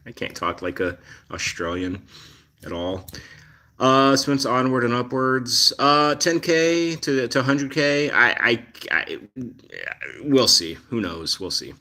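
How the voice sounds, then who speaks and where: A man with a mid-range voice and a sharp tone speaks slowly while hosting a casual live stream about his rescue cats. He rambles, using many fillers, as he replies to viewers' comments.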